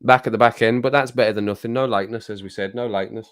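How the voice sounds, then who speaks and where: A man's voice: on the low side, fairly even intonation, racing, fairly bright tone, clean tone. A man hosting a casual livestream, reading out viewer comments in a rambling, jokey way and getting worked up now and then. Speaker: livestream host.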